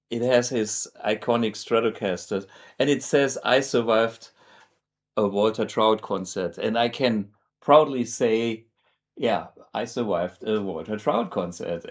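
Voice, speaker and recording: A German man hosting a guitar show, talking casually to camera in English with many fillers and restarts. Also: lowish voice. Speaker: host.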